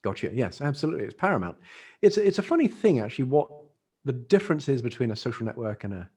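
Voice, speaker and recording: A man's voice: medium pitch, big pitch swings, fast, darkish tone, slightly rough. A middle-aged man with an English accent, a dating industry expert talking casually as a podcast guest, laughing often and restarting phrases. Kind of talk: casual interview talk.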